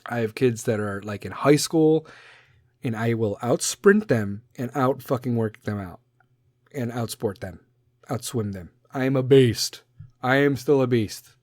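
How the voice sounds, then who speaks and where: A man in his thirties hosting a podcast, rambling through a profane comedic monologue, laughing at his own jokes and swinging between loud outbursts and low mutters. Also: unhurried, dry recording, clean studio sound. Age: 30s. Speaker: podcast host.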